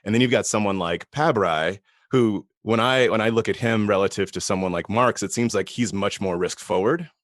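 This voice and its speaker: Deep-voiced podcast host, dry sound. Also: male voice, no room sound. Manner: measured, builds long questions from ideas. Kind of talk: podcast interview.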